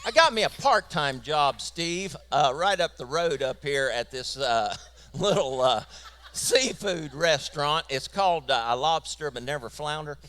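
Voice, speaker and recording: A middle-aged Southern comedian with a bright, forceful voice pitched a little high. He rambles through stand-up jokes in a folksy way and drops each punchline flat. His drawl comes through in every line. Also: unhurried. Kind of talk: stand-up joke telling.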